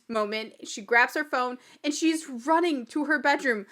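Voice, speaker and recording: A woman's voice: sits high, normal speed, few pauses, a bit bright. A woman hosting a casual TV recap podcast, chatty and gossipy, often breaking into laughter. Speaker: podcast host.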